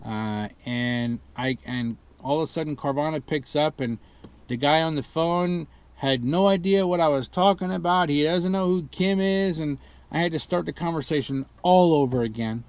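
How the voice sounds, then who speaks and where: Man, casual complaint vlog, indignant, mimics the people he quotes; higher-pitched voice, dry close sound. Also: normal speed, a little mellow, smooth, no room sound. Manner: exasperated, retelling a phone ordeal with rising indignation. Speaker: customer reviewing a car purchase.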